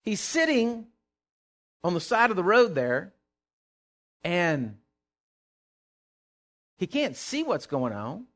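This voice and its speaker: A man preaching a sermon, emphatic, with call-and-response, swinging from loud to hushed. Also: sits high, wildly swooping pitch, takes it slowly, pauses often. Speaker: pastor.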